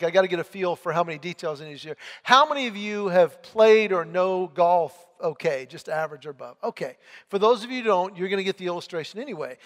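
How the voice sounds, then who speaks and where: High-voiced pastor preaching in a reverberant hall. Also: male voice, a bit bright. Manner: earnest, conversational preaching with rhetorical questions and quoted scripture. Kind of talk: sermon.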